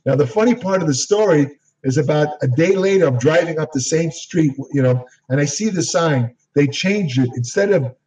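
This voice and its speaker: A man's voice: fairly high pitch, animated, moderate pace, hardly any pauses, darkish tone. An older man, an interview guest, telling rambling stories and correcting himself as he goes. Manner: rambling, self-correcting storyteller. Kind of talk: anecdotal storytelling. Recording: distant, dull lo-fi audio.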